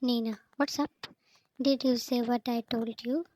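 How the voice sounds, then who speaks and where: A pushy, scheming young woman who steers her friend's choices, read out by a woman. The delivery stays slow and level, in a fairly high voice. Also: steady tone, a little mellow, poor audio. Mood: insistent.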